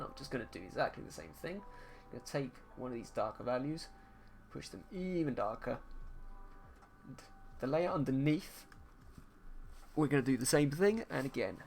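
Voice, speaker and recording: A man's voice: medium pitch, gravelly, slight background noise. A man, casually teaching digital painting live while he paints. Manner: relaxed, chatty, talks while painting.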